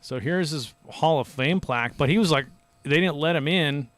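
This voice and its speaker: A man's voice: fairly high pitch, normal speed, a bit bright, dry recording. A man hosting a podcast, telling stories in a loose, rambling, chatty way. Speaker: podcast host. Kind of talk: casual podcast chat.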